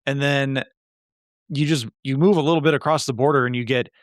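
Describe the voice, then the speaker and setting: Casting note: Midwestern male podcast host, rambling and self-deprecating, smooth clear voice, dry close mic. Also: medium pitch, steady tone, a little fast, no echo. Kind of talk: casual chat.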